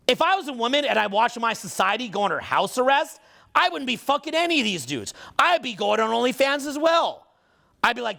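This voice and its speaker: Gravelly high-voiced man ranting. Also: animated, pushed and bright. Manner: profane, heated and emphatic; talks fast, gets on a roll. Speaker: social skills coach. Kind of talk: unscripted ranting monologue.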